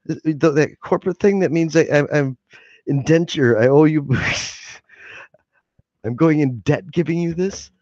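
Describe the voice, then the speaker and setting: A man's voice: a little high, measured pace, a little mellow, no room sound. Rambling man on a late-night livestream. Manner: rambling, joking, laughs often. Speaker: livestream host. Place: home at night. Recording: dull dry home mic.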